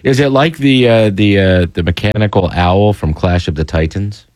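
A man's voice: fairly low pitch, moderate pace, a little mellow, no echo. A man hosting a talk show, asking playful questions in casual chat. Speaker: host.

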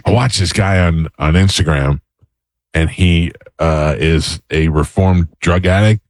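A man hosting a talk radio show, telling stories in a casual, animated way and acting out the people in them. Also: deep voice, measured pace, no room sound. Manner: storytelling, animated, acts out quoted voices. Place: radio studio. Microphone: close studio mic.

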